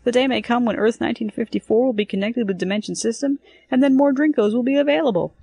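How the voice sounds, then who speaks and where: A woman's voice: fairly high pitch, fast talker, vocal fry, a little mellow, husky, no echo, voice pushed up. A woman voicing a polite, smiling young male policeman with a courteous, formal manner.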